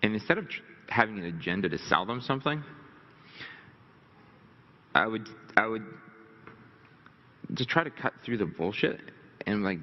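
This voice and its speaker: A low, gravelly man talks to a live audience as a motivational speaker, rambling and candid and quick to put himself down. His voice rings through a large hall on a dull, lo-fi recording. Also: animated. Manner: candid, rambling, self-deprecating. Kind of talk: storytelling talk to a live audience.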